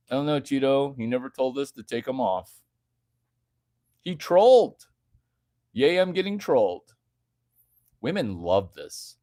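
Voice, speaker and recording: A man's voice: mid-range voice, very animated, measured pace, pauses often, darkish tone, no room sound, studio quality. A man hosting a livestream, reading chat aloud and riffing on it in a provocative, mocking way. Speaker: livestream host.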